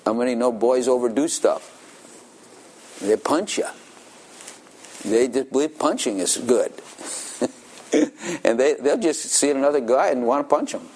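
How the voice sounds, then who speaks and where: A man's voice: medium pitch, lively intonation, measured pace, long pauses, darkish tone, slight background noise. An older man preaching a sermon in a folksy storytelling manner, chuckling often.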